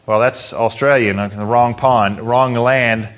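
A man's voice: medium pitch, animated, normal speed, few pauses, a bit bright. A man preaching a sermon as pastor, in a conversational way, asking the congregation questions.

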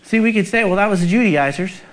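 A man's voice: high-pitched, animated, fast. A male pastor preaching a sermon, urgent and emphatic, asking the congregation rhetorical questions.

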